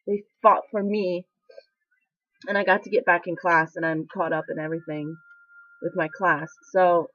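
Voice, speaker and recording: A woman's voice: lowish voice, steady tone, normal speed, fairly bright tone, no room sound. Young woman, military trainee, casual confessional vlog, candid and rambling, dry dull home-mic sound. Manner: candid, rambling, emotional, with frequent fillers.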